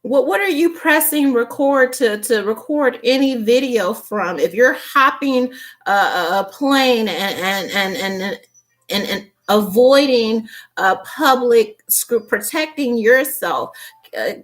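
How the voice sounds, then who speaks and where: A woman giving a casual tarot reading, halting with many fillers and restarts. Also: fairly high pitch, animated. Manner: grows impassioned and indignant. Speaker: tarot reader.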